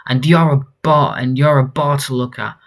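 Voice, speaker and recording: A man's voice: mid-range voice, moderate pace, vocal fry, close to an everyday voice. A man voicing an arrogant male bank manager from a comic who berates his staff curtly. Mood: scornful. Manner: curt, contemptuous, berating.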